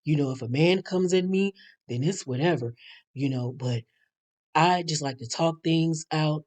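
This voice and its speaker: A woman doing a hushed, wounded man. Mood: aggrieved. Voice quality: hushed, low and murmuring. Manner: slow, wounded, self-pitying. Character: soft-spoken middle-aged man, aggrieved.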